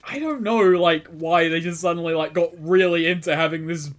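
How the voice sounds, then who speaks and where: Guy rambling over a game, laughs a lot, kinda high voice. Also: normal speed, a bit bright. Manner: rambling, self-deprecating, laughs often. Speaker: game commentator playing. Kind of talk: casual let's-play commentary.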